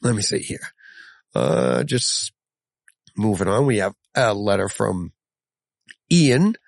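A man hosting a casual solo podcast, reading listener mail in a rambling, self-correcting way and chuckling often, his voice going hoarse. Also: lowish voice, sing-song, slow, no room sound. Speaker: podcast host.

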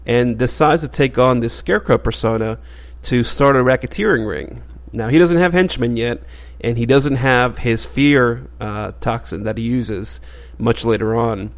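A man hosting a podcast, casually retelling a comic book story in a rambling way with frequent fillers. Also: medium pitch. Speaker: podcast host.

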